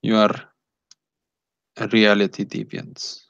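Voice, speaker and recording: A man doing a coldly calm, robotic agent. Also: lowish voice, slow, gravelly, clear, resonant tone, no echo, lo-fi sound, full character voice. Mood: cold menace. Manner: eerily calm, flat, robotic delivery. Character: cold clinical male agent, calm and emotionless.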